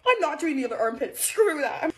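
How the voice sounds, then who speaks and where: A young woman with a high voice chats to her phone camera at home in a casual comedy vlog. She is giggly and dramatic, squealing and swooping all over her range as she plays up mock pain. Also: noisy background. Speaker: comedy content creator.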